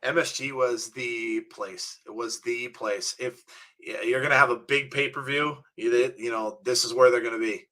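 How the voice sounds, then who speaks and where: Bright excitable man calling wrestling action. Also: mid-range voice, moderate pace. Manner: excitable, calls the action and shouts at big moves. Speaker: co-host of a wrestling watch-along. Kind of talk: live play-by-play and casual chat.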